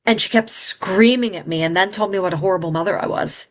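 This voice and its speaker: A woman's voice: mid-range voice, fast, few pauses, fairly bright tone. A middle-aged woman telling a painful personal story as an interview guest, in an earnest, heartfelt way.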